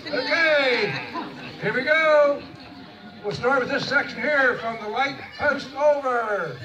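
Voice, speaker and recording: A man's voice: very high voice, unhurried, muffled recording. A man chatting folksily as he leads a crowd sing-along at an outdoor camp event, putting on a bit of a cowboy twang. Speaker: song leader at a camp event. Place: outdoor camp arena with stands. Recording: echoey, distant, crowd and noise.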